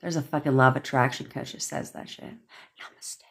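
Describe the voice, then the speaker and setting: A young woman with a low, deep-set voice rants to her livestream viewers, talking bluntly and swearing freely. She laughs often between points and speaks into her phone. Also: fairly even intonation, fast talker. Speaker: manifestation coach. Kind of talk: livestream rant.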